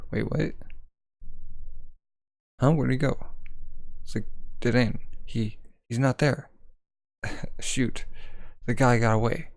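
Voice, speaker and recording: A man with a gravelly, fry-laced voice reads a manga aloud in a relaxed, offhand way. He says the characters' lines and keeps breaking in to describe what happens in each panel. The sound is close and dry, with no room echo. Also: mid-range voice. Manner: reads character lines in his own voice, narrates panels with "it's like". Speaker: manga reader. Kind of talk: casual read-aloud of a manga with commentary.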